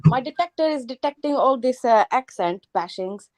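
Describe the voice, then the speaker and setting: A woman's voice: high voice, lively intonation, unhurried, a little mellow. A woman on a live panel chat, mouthy and joking, swearing casually and poking fun at herself. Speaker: panel guest.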